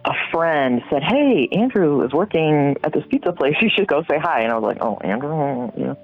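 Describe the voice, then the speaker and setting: Middle-aged woman guest, lively storyteller who swings high on quoted reactions, tinny phone-like sound with faint music. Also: a little fast. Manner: animated, acts out her own reactions with big pitch jumps. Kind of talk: personal storytelling.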